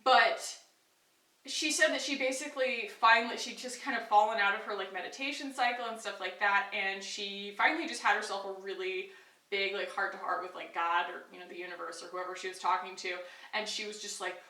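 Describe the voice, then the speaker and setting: A woman's voice: medium pitch, steady tone, fairly quick, bright, forceful tone. A young adult woman vlogger telling a personal story in a chatty, rambling way, full of fillers. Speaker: beauty vlogger. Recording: echoey room, a bit far from mic.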